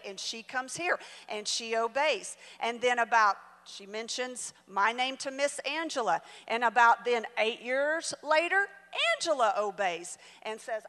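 A woman in her forties preaching as a guest speaker, telling a personal story. She swings from soft asides to loud exclamations. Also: on the high side. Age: 40s. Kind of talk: sermon with storytelling. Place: church auditorium. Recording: long hall reverb.

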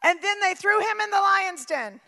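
A woman preaching a sermon with emphatic swings from shouting to near-quiet. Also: very high-pitched, lively intonation, normal speed, big-room sound.

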